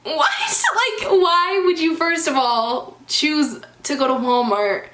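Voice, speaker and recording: A woman's voice: sits high, animated, takes it slowly, a bit bright. A young adult woman telling storytime vlog stories in a chatty, exasperated way, with lots of "like" fillers. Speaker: vlogger. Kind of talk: storytime vlog, casual chat. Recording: echoey room.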